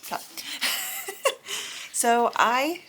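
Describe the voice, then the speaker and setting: A woman's voice: on the high side, lively intonation, very slow, fairly bright tone. A young woman vlogger casually rambling about a book she loves, swearing and acting out quotes. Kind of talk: casual chatty book review.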